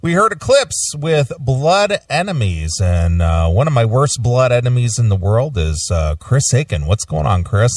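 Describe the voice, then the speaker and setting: A man hosting a casual radio talk show from his studio, relaxed and full of filler uhs. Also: mid-range voice, a little slow, hardly any pauses, no echo, far from the mic.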